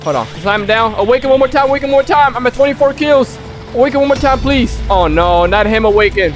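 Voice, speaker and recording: Excitable young man, high lively voice. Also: brisk, faint music behind. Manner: excitable, repetitive callouts. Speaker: gaming YouTuber. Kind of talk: live gameplay commentary.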